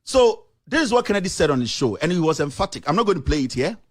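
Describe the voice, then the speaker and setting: A man's voice: on the high side, very animated, fast talker. A man hosting his own show, giving emphatic, repetitive commentary and mixing English with local phrases. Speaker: journalist and show host.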